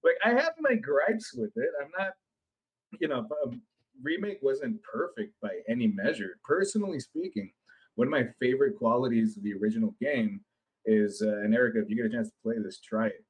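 Rambling, excitable male podcast co-host. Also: medium pitch, fairly quick, husky, rough recording. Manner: rambling, excitable, swears casually. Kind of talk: casual podcast chat.

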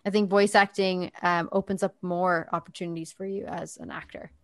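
A woman's voice: fairly low pitch, level tone, normal speed, no echo. Give me a chatty woman podcast co-host with a dry sound. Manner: chatty, swears casually, laughs between points. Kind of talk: casual chat.

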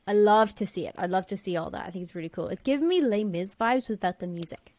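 A woman's voice: medium pitch, lively intonation, fast talker, heavy background noise. A young woman co-hosting a casual chat reacting to a movie trailer, talking in a chatty way with lots of fillers. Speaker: co-host.

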